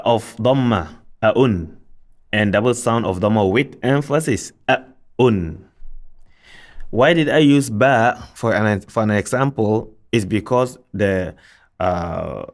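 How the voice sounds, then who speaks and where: A man teaching the Arabic alphabet in a recorded lesson, patiently repeating sounds and asking learners questions. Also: medium pitch. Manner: asks rhetorical questions of students.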